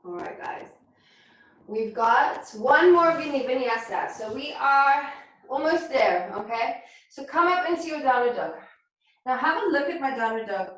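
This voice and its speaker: A woman teaching a beginners yoga class, calmly cueing poses and breathing, somewhat out of breath. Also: high-pitched, normal speed. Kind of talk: guided yoga class instruction. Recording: very echoey room, voice from far off.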